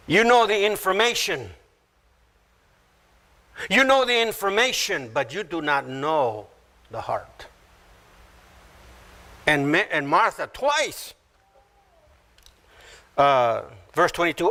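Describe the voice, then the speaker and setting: This is an unhurried, verse-by-verse sermon from a male pastor. He animatedly acts out the voices he quotes, his pitch springing suddenly high.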